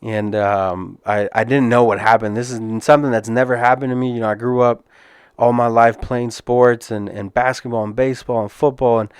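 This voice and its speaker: A man's voice: medium pitch, steady tone, normal speed, smooth, no echo, clean studio sound. Earnest man telling a fight story. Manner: earnest, casual, many restarts and repeated words. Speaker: podcast host and MMA fighter. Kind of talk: personal storytelling.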